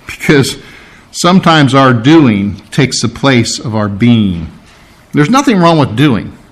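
A man preaching a sermon, acting out scripture scenes, then dropping to a soft, quiet voice for tender lines. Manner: animated, acts out scripture scenes with big pitch swings.

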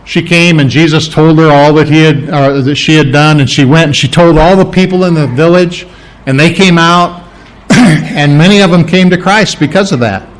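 Male pastor, slightly raised pitch, relaxed teaching sermon with questions to the room. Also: normal speed. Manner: conversational teaching with questions to the congregation; restarts and repeats words while thinking aloud.

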